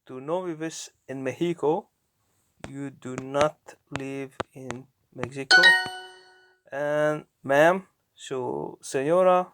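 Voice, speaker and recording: A man narrating his own language lessons, talking slowly and haltingly and often correcting himself. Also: mid-range voice, a bit bright, a little hiss or hum. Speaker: language learner. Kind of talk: narrating app lessons aloud.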